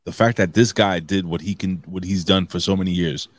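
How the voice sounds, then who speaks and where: A man's voice: low-pitched, steady tone, brisk, no echo. A man co-hosting a wrestling review podcast, talking casually and animatedly, swearing freely and restarting his sentences. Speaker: podcast co-host.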